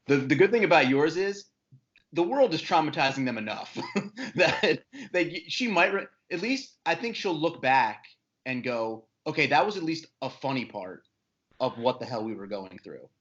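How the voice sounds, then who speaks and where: A man's voice: mid-range voice, fairly bright tone, highs cut off. A man who is a guest on a podcast, talking in an easygoing, conversational way with frequent asides. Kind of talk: casual podcast chat.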